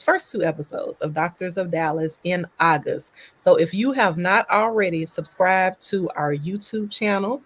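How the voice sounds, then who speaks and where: A woman co-hosting a casual chat over a video call, relaxed and promoting upcoming episodes. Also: lowish voice. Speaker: co-host.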